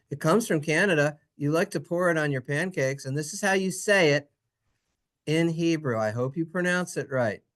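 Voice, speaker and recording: A teacher giving a playful, jokey Hebrew lesson over slides, in an animated, singsong voice. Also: mid-range voice, moderate pace.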